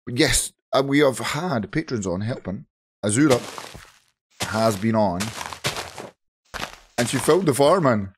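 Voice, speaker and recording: A Scottish man with a hoarse, groggy voice, chatting casually to viewers while playing Minecraft on his channel. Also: mid-range voice, expressive, a little slow, long pauses, slight background noise. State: hoarse from shouting. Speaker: gaming channel host. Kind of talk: casual Minecraft let's play commentary.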